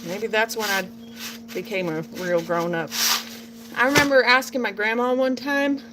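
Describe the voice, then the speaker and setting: A woman's voice: on the high side, fairly even intonation, moderate pace, very noisy. Rambling woman in her thirties, folksy. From Portland, Oregon. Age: 30s. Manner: rambling, folksy, drifts into a playful southern drawl. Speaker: vlogger. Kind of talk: casual chat while crafting. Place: outdoors at home. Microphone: phone nearby.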